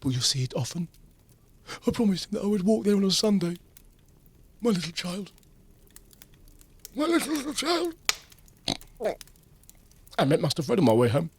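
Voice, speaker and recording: A man doing a gentle, grieving father who speaks quietly and with sorrow. The voice sits close to his own, with a soft lift on tender words. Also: sits high, very animated, normal speed, long pauses, a little hiss or hum, pitched above the performer's own voice. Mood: sorrowful.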